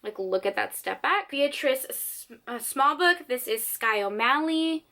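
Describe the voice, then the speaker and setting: A young woman vlogs about her books in a chatty, rambling way, sitting on the floor at home. Her voice is bright and crisp, and pitched a little high. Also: animated, unhurried, a little hiss or hum. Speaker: book vlogger. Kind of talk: casual vlog chat.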